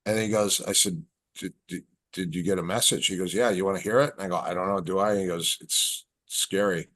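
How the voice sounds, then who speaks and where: A man's voice: sits low, fast. A man in casual podcast chat, telling stories and acting out the dialogue. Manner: relaxed storyteller, acts out quoted dialogue. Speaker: podcast guest.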